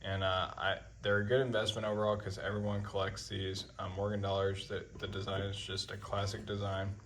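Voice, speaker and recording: A man hosting a coin-collecting video channel, talking casually to camera in a relaxed, rambling way, with many ums and uhs. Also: lowish voice, fairly quick, a little hiss or hum.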